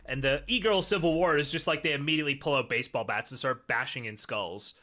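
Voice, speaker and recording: A man's voice: medium pitch, fast, bright, forceful tone. A man in casual stream chat, talking in a laid-back, amused way on a headset mic. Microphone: headphones with mic.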